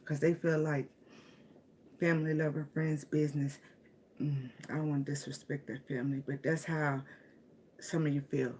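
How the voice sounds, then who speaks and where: A woman's voice: low voice, fairly even intonation, normal speed, a little hiss or hum. A woman with giving a casual tarot reading. She speaks with emotion, laughs often and repeats phrases. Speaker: tarot reader.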